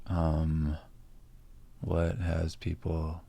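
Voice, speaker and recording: A man co-hosting a livestream, a comic artist answering viewer questions in a relaxed, rambling way with lots of fillers. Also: rumbling low, drawn-out words, creaky, a little hiss or hum. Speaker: comic artist and podcast co-host.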